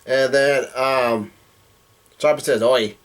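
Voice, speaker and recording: A man's voice: medium pitch, fairly even intonation, slow pace, clean tone. A man casually reading comic dialogue aloud and breaking in with profane asides. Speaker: manga reaction youtuber.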